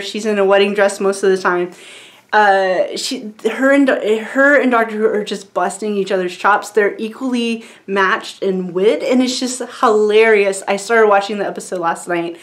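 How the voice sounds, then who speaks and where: A young woman vlogger chatting casually to camera, rambling with lots of fillers and frequent giggles. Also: medium pitch.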